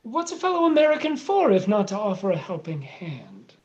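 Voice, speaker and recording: A woman's voice: mid-range voice, wildly swooping pitch, brisk, darkish tone, husky, lo-fi sound. Woman reading a lovesick young American guy. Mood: sassy. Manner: earnest, dramatic, swings to outbursts. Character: lovesick young American man, self-pitying. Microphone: video call.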